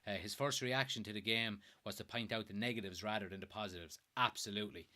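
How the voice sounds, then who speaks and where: A young Irish man from Kilkenny hosts a live stream and talks through viewer comments in loose, easygoing chat. His voice is bright and forward. He drops the odd curse and laughs easily between points. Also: lowish voice, steady tone, fast. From Ireland. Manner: chatty, swears casually, laughs easily. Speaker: host of a fan live stream.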